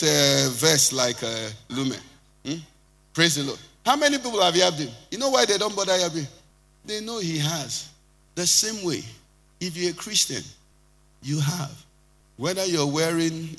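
A man preaching a sermon as pastor, swinging from loud shouting to quiet, low passages. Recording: music behind, long hall reverb.

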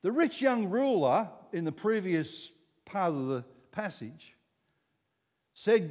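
A Scottish man in his sixties preaching a sermon, telling the story with lively acted-out voices. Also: sits high, takes it slowly, long reverb tail. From Scotland. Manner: animated storytelling, acting out voices.

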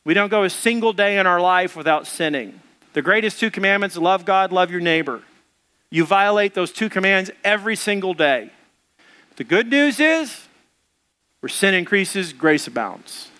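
A male pastor preaching an animated sermon, acting out the voices of the people in the story as he goes. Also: sits high, normal speed, smooth.

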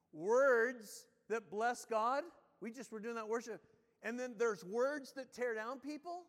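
A man preaching a sermon as pastor, telling stories with lively energy and dropping low and slow when he reads scripture. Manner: animated storytelling, drops low and slow when reading scripture. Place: church sanctuary. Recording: long reverb of a church hall.

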